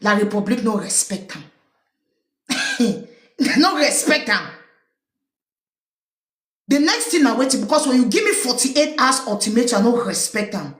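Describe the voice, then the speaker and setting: A woman's voice: a little high, animated, measured pace, pauses often, a bit bright, reverberant. A woman with a Cameroonian Pidgin English accent, hosting a livestream of casual political commentary and firing rhetorical questions at her listeners. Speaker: livestream host.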